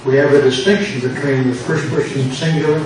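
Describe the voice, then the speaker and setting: An older man, a pastor, slowly and patiently explaining grammar in a classroom lecture. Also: medium pitch, fairly even intonation. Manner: slow, patient explaining with repetition. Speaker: pastor teaching a Greek class. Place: church classroom. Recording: echoey classroom from far off with background noise.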